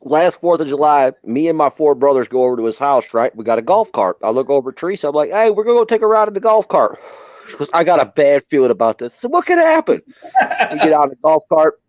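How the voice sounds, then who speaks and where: A man's voice: fairly high pitch, sing-song, fast, a little mellow, no room sound, highs cut off. A man telling rowdy, profane stories on a live stream, acting out the quotes. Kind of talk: casual storytelling chat.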